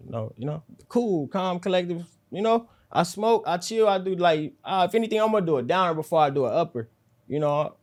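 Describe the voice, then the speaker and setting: Mellow, low-talking laid-back man. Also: animated, a little fast. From South Central Los Angeles. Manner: loose slang-heavy talk with frequent fillers. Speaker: rapper, interview guest. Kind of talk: casual interview chat.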